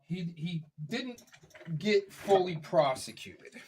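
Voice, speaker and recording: A man commenting on a clip he has paused, explaining things in a casual and mildly mocking way. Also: high-pitched, lively intonation, darkish tone, slight background noise.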